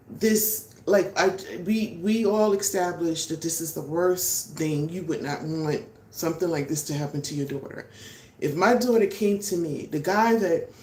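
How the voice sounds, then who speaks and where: A woman's voice: lowish voice, a little mellow. Rambling woman in an echoey room. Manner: rambling, conversational, many fillers and restarts. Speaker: vlog host. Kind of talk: casual live-stream commentary. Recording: echoey room, faint background noise.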